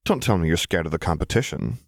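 A man voicing a stern but fond young mother who speaks in firm, crisp commands. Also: low-pitched, lively intonation, quick pace, dry recording, studio quality. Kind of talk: audiobook character voice.

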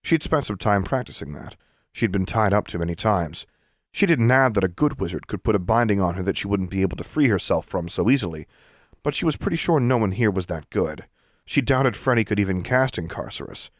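A man narrating a fantasy story in steady, scripted storytelling. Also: lowish voice, fairly quick, no echo, studio quality. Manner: steady storytelling, lively intonation. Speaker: audiobook narrator.

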